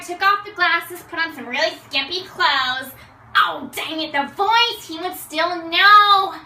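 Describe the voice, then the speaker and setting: A young woman with a high, very bright, sharp voice tells a comic tale in character. She is theatrical and excitable and stretches out her big moments with slow pauses. She is recorded from a distance in a roomy, echoey space. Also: slight background noise. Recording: roomy sound from a distant mic.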